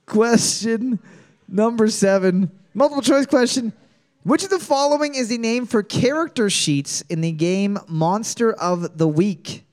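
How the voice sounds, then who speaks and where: A man's voice: sits high, measured pace, darkish tone. A man hosting a comedic trivia podcast, reading each question twice and joking between them. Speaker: trivia host.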